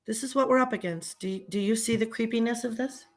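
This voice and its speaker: A woman's voice: a little high, brisk. A woman ranting angrily on a live stream, upset and indignant, repeating herself. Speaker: vlogger. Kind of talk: emotional live stream rant.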